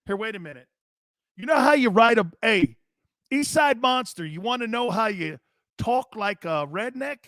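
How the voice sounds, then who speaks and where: A man hosting a sports talk show in a brash, joking style, reading out chat and giving shout-outs. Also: sits high, animated, normal speed, dry recording, clean studio sound.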